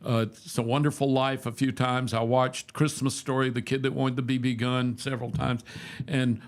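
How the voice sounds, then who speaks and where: A man's voice: mid-range voice, little pitch movement, normal speed. A man in his seventies, a radio host, telling rambling, self-deprecating stories in a casual, folksy chat. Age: 70s.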